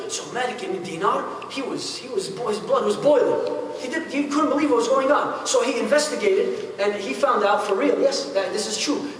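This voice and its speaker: A man's voice: very high voice, a bit bright, slight background noise. A man, an imam, tells a story in a sermon, repeating his phrases and translating Arabic quotes into English as he goes. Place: mosque hall. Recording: echoey hall, mic far from speaker.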